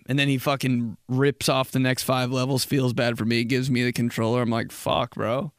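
A young man hosting a podcast, rambling in a casual comic monologue, swearing freely and acting out quick mock exchanges. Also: medium pitch, little pitch movement, clean tone, no room sound, studio quality. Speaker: podcast host.

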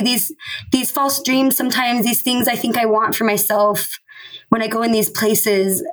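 Woman, 30s, earnest emotional testimony, slightly high-pitched, stop-and-start phrasing. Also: level tone, fairly bright tone, poor audio. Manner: earnest, emotional, halting with restarts and laughs. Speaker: podcast guest. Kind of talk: personal faith testimony.

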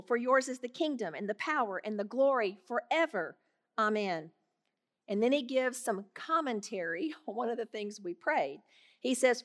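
A middle-aged woman giving devotional Bible teaching in an earnest, gently conversational way. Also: a little high.

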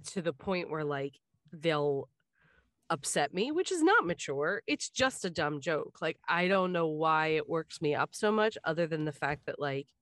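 A woman from around Richmond, Virginia chats casually as a podcast co-host, rambling through many fillers and restarts. Her low, fairly bright voice has lively intonation and runs a little slow, with no room sound.

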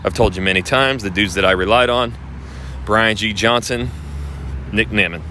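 A man's voice: on the low side, normal speed, pushed and bright. Blunt, profane man ranting over noise. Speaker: video marketing coach for real estate agents. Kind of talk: casual monologue to camera.

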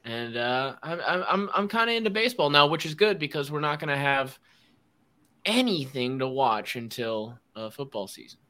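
A podcast host chatting casually, telling animated stories and mimicking people's voices. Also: male voice, medium pitch, normal speed. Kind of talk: casual chat.

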